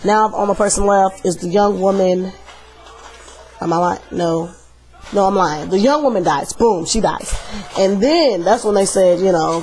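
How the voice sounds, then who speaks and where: A woman's voice: medium pitch, a little mellow. A woman chatting casually and animatedly in a video review, retelling a story in slangy, emphatic bursts. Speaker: movie reviewer.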